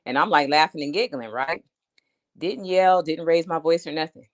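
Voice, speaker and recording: A woman's voice: low voice, normal speed. A woman on a live stream telling a story in a blunt, emphatic and chatty way, often asking "you know what I'm saying". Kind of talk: casual storytelling rant.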